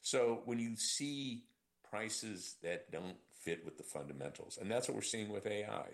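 A man speaking as an economist guest in an interview, animated and sardonic, with many fillers and restarts. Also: low-pitched. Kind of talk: conversational expert commentary.

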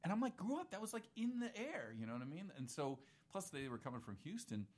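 A man's voice: sits high, very animated, fast, darkish tone. A man in casual conversation, a musician guest who talks in a laid-back, rambling way, full of slang and asides.

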